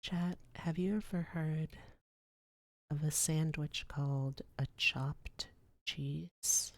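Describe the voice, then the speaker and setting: A woman's voice: deep voice, fairly even intonation, slow, dry recording. A young woman streaming ASMR, whispering and rambling in a casual, self-deprecating way into a close mic.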